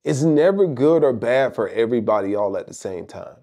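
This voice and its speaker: Man, middle-aged, motivational monologue, emphatic, repetitive rhetorical phrasing, mellow dark tone. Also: medium pitch, lively intonation, brisk. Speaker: motivational speaker.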